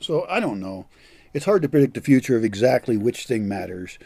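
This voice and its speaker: A man's voice: medium pitch, sing-song, fairly quick, vocal fry, dark tone, a little hiss or hum. An older man giving a blunt, profane monologue as a vlogger, scornful and direct. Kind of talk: ranting monologue.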